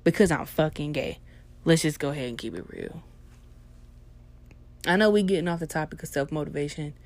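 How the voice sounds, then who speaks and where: A woman hosting a casual monologue, blunt and heavily profane, swinging into loud, animated rants. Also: sits low, fairly quick.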